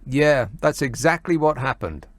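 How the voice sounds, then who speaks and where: A man's voice: mid-range voice, animated, a little slow, no room sound. A man hosting a radio phone-in, talking sarcastically and chattily, with frequent fillers and mocking asides. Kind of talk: talk radio monologue. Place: radio studio.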